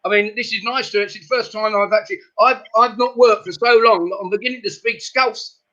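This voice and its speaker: A man's voice: high-pitched, steady tone, brisk, a bit bright, highs cut off. A man, a comedian joining a chat show over a video call, rattling off one-liners and laughing at his own jokes. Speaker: comedian guest. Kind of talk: stand-up jokes in casual chat.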